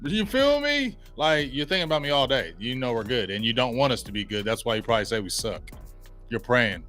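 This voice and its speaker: A man hosting a sports podcast, talking in a casual, slangy, animated way and laughing often. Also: medium pitch, a little fast, soft background music. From Ohio. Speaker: podcast host.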